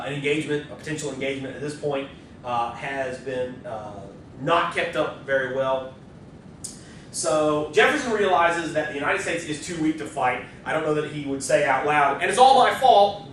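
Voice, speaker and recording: A male history professor lecturing in a relaxed, chatty way, his voice a little high for a man. He is picked up from a distance in a very echoey lecture hall, with a faint low rumble underneath. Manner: casual and conversational, with quick asides. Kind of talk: university lecture.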